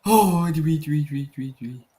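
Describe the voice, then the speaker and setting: A Scottish man co-hosting a live football watch-along, animated and prone to shouting at the match. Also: a little high, quick pace. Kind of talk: casual live match chat.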